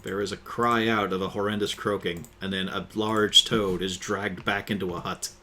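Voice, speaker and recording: A man's voice: deep voice, little pitch movement, normal speed, sharp tone, slight background noise. A man narrating and refereeing a tabletop game in a casual, joking way. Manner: casual, swearing, laughing between calls. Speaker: dungeon master.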